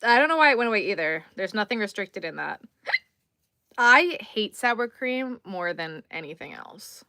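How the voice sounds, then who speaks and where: Bright-voiced tired woman chatting on a livestream. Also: medium pitch, big pitch swings, moderate pace, no echo, clean studio sound. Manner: chatty, easygoing, responds to viewers while crocheting. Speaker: crochet livestreamer. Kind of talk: casual livestream chat, reading chat comments.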